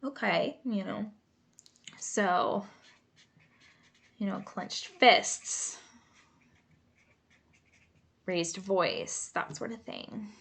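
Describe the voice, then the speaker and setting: A woman working as a creative arts therapist, explaining a coping exercise in a relaxed, chatty way with many fillers and asides. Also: medium pitch, drawn-out words, gravelly, pauses often. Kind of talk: casual instructional talk.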